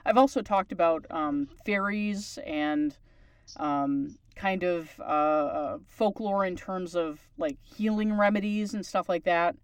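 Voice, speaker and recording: Speaking slowly in a lowish, clear, resonant voice, a woman hosts a podcast and talks casually at great length. She is from Newfoundland, Canada, has a townie accent, and the recording carries no room sound.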